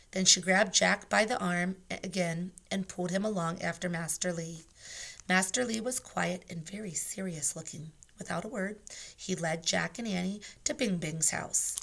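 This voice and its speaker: A woman, a teacher, reading a children's chapter book aloud and giving the characters lively voices. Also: fairly low pitch, gravelly. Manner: reads with lively character voices, soft whispers for whispered lines. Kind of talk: storybook read-aloud.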